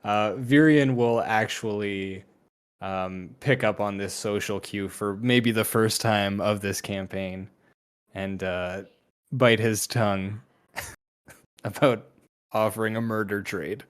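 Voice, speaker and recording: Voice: low-pitched, steady tone, slow pace, clean tone. A player in a tabletop game, talking hesitantly and restarting words. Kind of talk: casual tabletop role-play.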